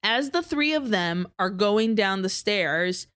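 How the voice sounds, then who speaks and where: A woman co-hosting a podcast, casually recapping a film plot as an animated storyteller who swears freely. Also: mid-range voice, slow pace, dry recording, studio quality. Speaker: podcast co-host.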